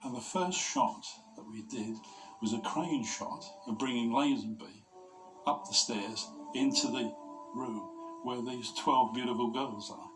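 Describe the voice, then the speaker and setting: A man's voice: medium pitch, unhurried, low-quality recording. A man from the film crew recalling the first day of shooting in a matter-of-fact way. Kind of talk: interview recollection. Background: music.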